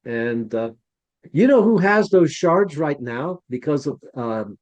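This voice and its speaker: Mellow-voiced man spinning a rambling anecdote. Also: fairly high pitch, lively intonation, slow. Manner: rambling, chatty, re-enacts dialogue. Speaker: podcast co-host, museum curator. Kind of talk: anecdotal storytelling.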